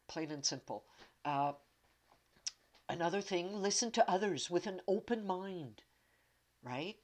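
A woman's voice: fairly low pitch, lively intonation, unhurried, pauses often, darkish tone. A woman from Canada, talking casually and bluntly about self-trust, swearing freely and acting out inner voices. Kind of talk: casual self-help talk.

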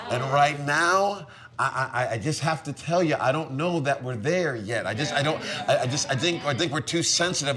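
A man preaching a sermon with passion, his voice rising to shouts at its peaks. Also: mid-range voice. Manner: impassioned, building to shouts. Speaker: pastor. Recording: crowd audible behind.

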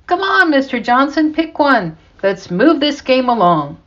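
Boisterous male party host, high and mocking, put on by a woman; slow, dull recording. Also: animated. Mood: jovial. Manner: teasing, boisterous. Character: jovial loud adult male party host.

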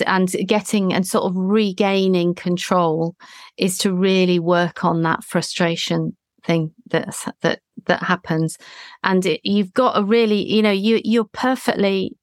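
A woman, hosting a gentle therapeutic conversation in a calm, reassuring, deliberate way. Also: lowish voice, no echo, clean studio sound. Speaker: healing practitioner, podcast host.

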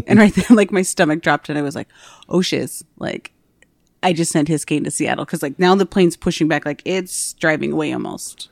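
A young woman working as an airport gate agent, telling stories in casual chat, animated and full of "like", acting out what people said. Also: low voice, normal speed, vocal fry, dry recording, clean studio sound. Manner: animated, fillers of "like", acts out quotes.

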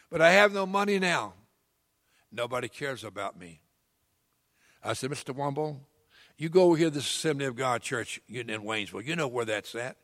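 An older man preaching a sermon, telling a folksy personal story that rises into loud, emphatic pleas. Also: medium pitch, animated, fairly quick, long pauses. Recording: long hall reverb.

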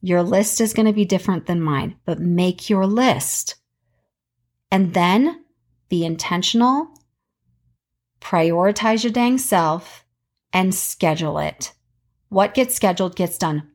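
A woman's voice: medium pitch, unhurried, darkish tone. A middle-aged woman hosting a podcast, talking in a chatty, candid and emphatic way. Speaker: podcast host. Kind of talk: casual podcast monologue.

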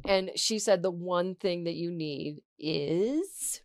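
A young woman co-hosting a podcast in casual chat, an animated storyteller who acts out what people said. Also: fairly low pitch, takes it slowly, dry recording, clean studio sound. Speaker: podcast co-host.

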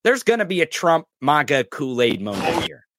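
Male host with a high, bright voice, delivering sarcastic, profane political rants. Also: sing-song, normal speed, no echo, studio quality. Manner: profane, angry and sarcastic ranting. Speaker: podcast host. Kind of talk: political commentary rant.

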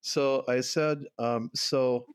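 An older man, a guest herbalist, telling stories in a relaxed way and often laughing. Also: mid-range voice, slow pace, smooth, no echo, clean studio sound. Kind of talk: conversational interview.

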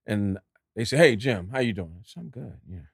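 A middle-aged man from Dallas, an actor guest in an interview, telling stories in an animated way and acting out other people's voices. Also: lowish voice, brisk, vocal fry, slightly rough, dry recording, studio quality. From Dallas, Texas. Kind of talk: storytelling interview.

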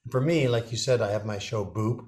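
A man's voice: on the low side, fairly quick, darkish tone. A man with a Canadian accent, a musician guest on a radio interview, talking in an easygoing way.

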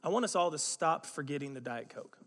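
Fairly quick and a bit bright, a slightly high male voice with lively intonation delivers a sermon. The pastor tells stories in a conversational, self-deprecating way, recorded in a church sanctuary with long hall reverb.

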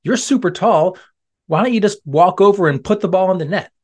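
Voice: medium pitch, fairly quick, pitched above the performer's own voice, natural voice. A reader voicing a patient, friendly young boy with an encouraging, cheerful manner in a storybook read-aloud. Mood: kind.

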